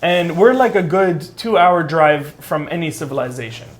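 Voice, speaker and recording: A man with a slightly higher voice tells a spooky story in easygoing chat. He rambles with lots of fillers and acts out the people in his tale. He talks from a studio while makeup is done on him. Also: moderate pace, crowd noise. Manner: animated, filler-heavy storytelling with acted quotes. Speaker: storyteller and co-host.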